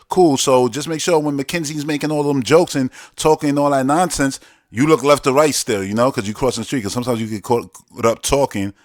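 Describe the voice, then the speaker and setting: A man hosting a podcast in an animated, joking rant, his voice sitting at a middle pitch. He jumps from loud bursts to low muttered asides. The sound is dry and close. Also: no room sound. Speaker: podcast host. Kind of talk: casual commentary rant.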